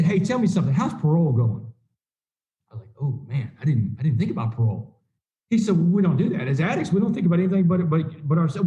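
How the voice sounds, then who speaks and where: Middle-aged man, recovery meeting speaker, lively storyteller who acts out dialogue; warm, slightly raised voice. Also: a little high, poor audio. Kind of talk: personal testimony to a group.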